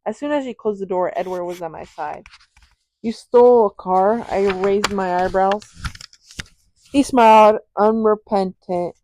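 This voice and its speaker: A woman's voice: mid-range voice, measured pace, a little mellow, slight background noise. A young woman casually reading a novel aloud as an amateur audiobook, stumbling over words and stopping for chatty asides.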